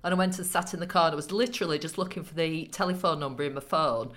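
Woman podcast co-host, lowish voice, wry, measured storyteller. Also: fairly bright tone. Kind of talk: casual storytelling chat.

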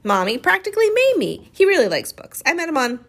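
A woman voicing a fierce, bossy young girl who loves her books, talking in a sharp, insistent, scolding way. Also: sits high, wildly swooping pitch, fairly quick, voice pushed up, heavily acted.

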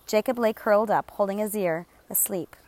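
A woman narrating a chapter of an audiobook in a steady, measured storytelling voice. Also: medium pitch. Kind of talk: scripted narration.

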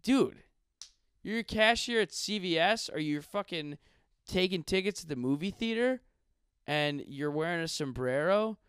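A man's voice: high voice, animated, a little slow, a bit bright, smooth, no room sound, studio quality. A man in his twenties, a stand-up comedian from Buffalo, delivering a profane, slangy comedic rant. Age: 20s.

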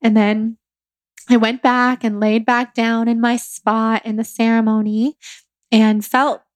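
A woman's voice: a little high, level tone, slow pace, dry recording. A young woman hosting her own podcast, candidly retelling a personal experience in a rambling, filler-heavy way. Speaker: podcast host. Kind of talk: personal storytelling monologue.

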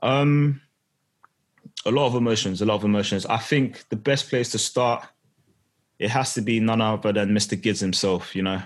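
Male podcast host, lower voice, relaxed banter with the lads. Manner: relaxed, bantering, drawn-out repeats. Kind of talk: casual football podcast chat.

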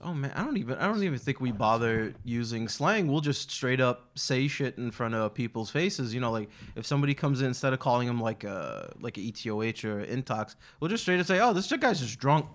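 A man's voice: medium pitch, lively intonation, brisk, few pauses. A man rambling through improvised comedy banter as a guest playing an ER doctor, with lots of stammering restarts.

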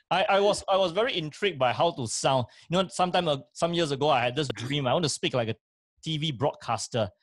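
A man's voice: fairly high pitch, animated, a little fast, dry recording. Man, talk show voice coach, emphatic, repeats points, dry close sound. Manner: emphatic, repetitive, fillers like uh. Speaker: voice and speaking coach. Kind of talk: instructive talk show advice.

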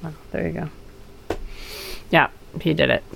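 A woman with a slightly low voice chats casually with friends. She talks in an animated way, laughs often and fills her sentences with "like". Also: takes it slowly, creaky, a little hiss or hum. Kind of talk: casual chat.

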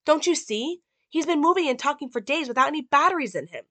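A desperate mother speaks in a high-strung, urgent voice, performed by a woman retelling a film. The voice is bright and pressing, and the recording is dry and close. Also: expressive, fast, no room sound. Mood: pleading. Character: desperate young mother, frantic and pleading.

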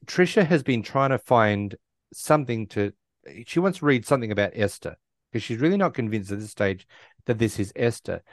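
A man's voice: medium pitch, lively intonation, moderate pace, dry recording, studio quality. A man co-hosting a casual film chat, retelling the plot with lots of restarts. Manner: rambling storyteller, many restarts and quoted lines. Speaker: podcast co-host. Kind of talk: casual movie recap chat.

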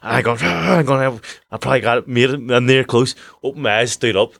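A man's voice: medium pitch, fairly even intonation, fast talker, a bit bright, no room sound. A man, a boxer telling sweary, laughing anecdotes in casual chat. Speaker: guest boxer.

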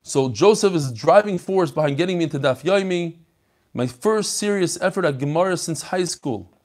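Guy hosting a torah class, bit higher voice, animated storytelling with hebrew words mixed in. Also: normal speed. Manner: animated storytelling, sprinkled with Hebrew and Yiddish terms. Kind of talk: casual daf yomi class talk.

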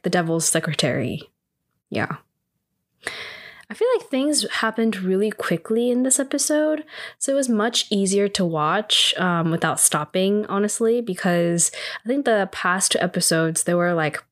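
Chatty young woman recapping a drama. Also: medium pitch. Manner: chatty, heavy use of "like", rising disbelief. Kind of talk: casual episode recap.

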